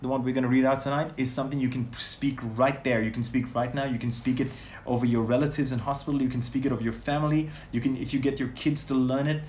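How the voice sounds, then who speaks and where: A man's voice: medium pitch, little pitch movement, fast talker, few pauses, darkish tone. Emphatic male preacher in a roomy space. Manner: emphatic, repetitive phrasing. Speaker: prayer leader. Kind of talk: sermon and guided prayer. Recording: roomy echo, faint noise.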